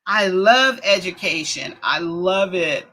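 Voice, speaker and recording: A woman's voice: fairly low pitch, slow pace. A middle-aged woman, hosting a live stream in casual, exclamatory chat. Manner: lively, exclaims and laughs often.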